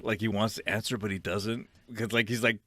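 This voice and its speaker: A man's voice: fairly low pitch, fairly even intonation, fairly quick, background noise. A middle-aged man co-hosting a podcast, chatting casually, rambling and laughing often with easy swearing. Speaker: podcast co-host. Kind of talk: casual chat.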